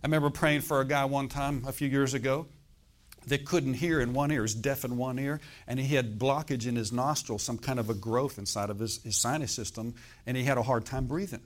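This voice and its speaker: A middle-aged man delivers a sermon in a loose, conversational style. He keeps checking in with his listeners, tossing out "okay?" and "amen?" between points, and his voice sits at an ordinary middle pitch for a man. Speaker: pastor.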